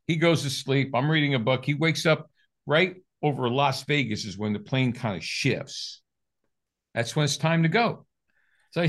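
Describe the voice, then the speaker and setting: An older man, a sales coach appearing as an interview guest, tells a story with energy and acts out both sides of the conversation. His voice is a little high and his pace moderate.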